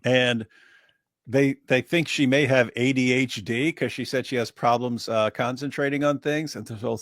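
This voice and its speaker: A man's voice: medium pitch, steady tone, moderate pace, no echo, clean studio sound. A man co-hosting a casual livestream, joking and bantering, often mimicking other people. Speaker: livestream co-host.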